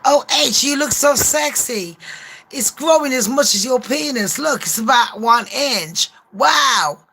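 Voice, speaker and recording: Woman doing a syrupy flirty wife voice, cooing, bright and kinda high, mocking. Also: expressive, measured pace, breathy edge, exaggerated voice.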